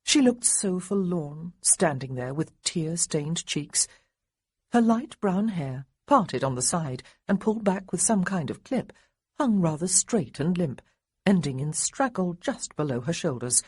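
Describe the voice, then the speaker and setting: A woman narrating a historical romance audiobook in an expressive way, lightly voicing the characters. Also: on the low side, a little slow, slightly rough, dry recording. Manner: expressive, voices the boys lightly. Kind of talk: scripted narration.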